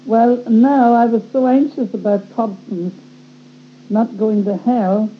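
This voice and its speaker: A woman's voice: a little high, steady tone, unhurried. Woman telling her story, lo-fi. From Ireland. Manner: plain, wry storytelling. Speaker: speaker giving testimony. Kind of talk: personal storytelling talk. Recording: dull lo-fi recording with faint hum.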